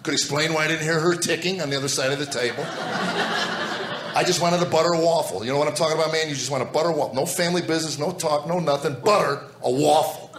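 A man with a slightly high voice tells a wry stand-up story. The sound is roomy, with a loud audience around him in the hall. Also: fast, background noise. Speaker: stand-up comedian. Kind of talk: stand-up comedy.

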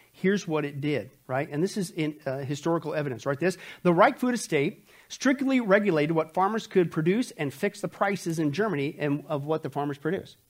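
High-voiced sarcastic male preacher. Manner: emphatic, sarcastic, rapid asides. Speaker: Bible prophecy teacher. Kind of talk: sermon-style Bible study lecture.

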